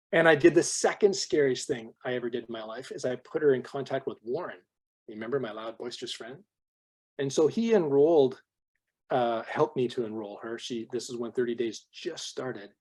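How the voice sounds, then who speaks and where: A husky, slightly worn male voice at a mid pitch, telling a story with lively swings between loud emphasis and quiet asides. He acts out the quoted lines of the people in his story as he coaches a sales team over a call. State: voice worn from much talking. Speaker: guest trainer on a team call.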